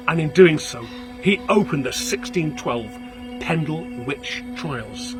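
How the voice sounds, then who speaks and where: A man's voice: fairly high pitch, expressive, slow, music in the background. Theatrical storyteller man. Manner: theatrical, shifts between hushed and loud. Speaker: local history guide. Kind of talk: dramatic storytelling. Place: outdoors on location.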